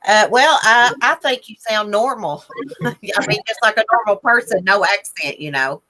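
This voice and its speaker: A woman's voice: mid-range voice, normal speed, bright, forceful tone, poor audio. A woman from Northern Virginia hosting a casual live stream, chatting and greeting viewers by name. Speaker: livestream host.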